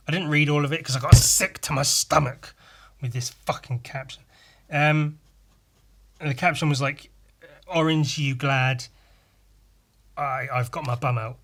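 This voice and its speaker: A man's voice: medium pitch, a bit bright. A man with an English accent hosting a podcast, ranting casually with sardonic, sweary, mock-outraged asides. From England. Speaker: podcast host. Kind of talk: casual solo rant.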